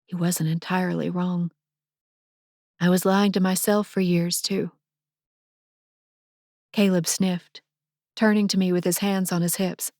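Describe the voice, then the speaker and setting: A woman's voice: lowish voice, flat delivery, unhurried, long pauses, darkish tone, no echo. Woman narrating a romance audiobook, close.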